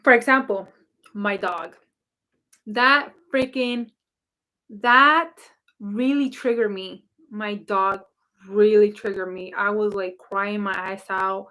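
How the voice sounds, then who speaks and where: A woman's voice: mid-range voice, takes it slowly, pushed and bright. A woman who works as a spiritual coach, talking casually and rambling with many fillers and restarts as she answers viewer questions. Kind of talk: casual talk to camera.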